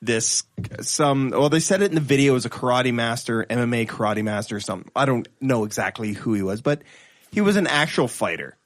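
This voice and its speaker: A man's voice: mid-range voice, expressive, a little fast. A man co-hosting a podcast, casually retelling videos with restarts and laughter. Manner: rambling storyteller, laughs at own stories, restarts often. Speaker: podcast co-host. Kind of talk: casual panel chat.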